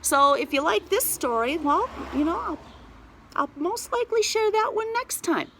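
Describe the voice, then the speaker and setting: A woman telling a children's story aloud, very expressive and dropping to a whisper at spooky moments. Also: extremely high pitch, moderate pace, slight background noise.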